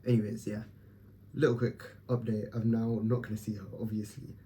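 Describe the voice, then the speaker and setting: Blunt, profane young man vlogging, very dark voice. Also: fairly low pitch, flat delivery, brisk, a little hiss or hum. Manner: blunt, profane, self-motivating pep talk. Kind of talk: candid personal vlog.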